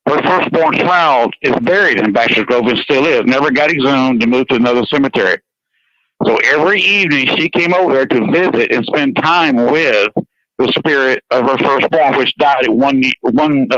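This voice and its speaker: A man's voice: medium pitch, fairly bright tone, dry recording. A man with a Georgia accent talking earnestly and rambling a little, repeating words as he chats on a radio show. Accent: Georgia, US South. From Georgia, USA. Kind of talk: casual chat on a radio show. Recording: dull, dry radio sound.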